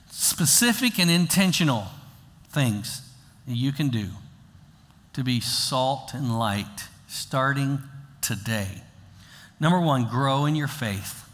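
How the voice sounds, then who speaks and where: A man's voice: a little high, a bit bright, long reverb tail. An older man preaching a sermon as pastor, talking to the congregation in a conversational way that rises into emphatic exhortation.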